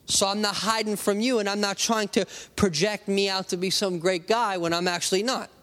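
A man's voice: high voice, fairly even intonation, moderate pace, fairly bright tone. A male pastor preaching a conversational sermon, acting out little voices and talking straight to the congregation. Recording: long hall reverb.

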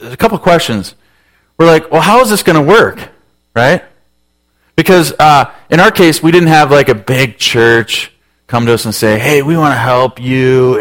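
A man's voice: mid-range voice, fairly bright tone. A man in his forties, a pastor telling a self-mocking story in a sermon, acting out voices with lots of energy.

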